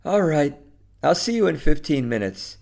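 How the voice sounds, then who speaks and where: A man's voice: a little high, sing-song, normal speed, vocal fry, a little mellow, pitched above the performer's own voice. A man reading a story, voicing a lonely middle-aged woman who sounds nervous and apologetic. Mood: hesitant.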